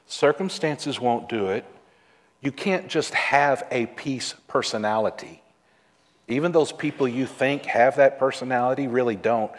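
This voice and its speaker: Pastor preaching slow, mid pitch, leans hard on repeated lines, big church echo. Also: male voice. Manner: slow, emphatic preaching, repeats key phrases. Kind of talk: sermon. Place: church sanctuary. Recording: long hall reverb.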